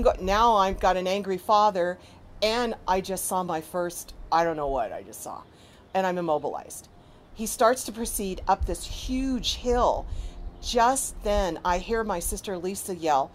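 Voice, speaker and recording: A woman author telling a personal story from her youth in a dramatic, animated way, with loud emotional bursts. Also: on the low side, a little hiss or hum. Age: adult.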